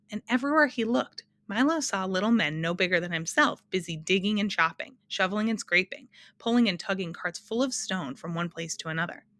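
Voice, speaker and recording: A woman's voice: mid-range voice, sharp tone. Woman reading a storybook aloud. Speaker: narrator.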